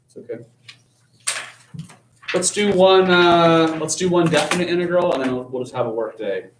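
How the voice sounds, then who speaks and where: Joking teacher in an echoey classroom. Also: male voice, a little high, moderate pace, noisy background. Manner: joking, conversational. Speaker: math teacher. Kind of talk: classroom lesson. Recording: echoey classroom, distant mic.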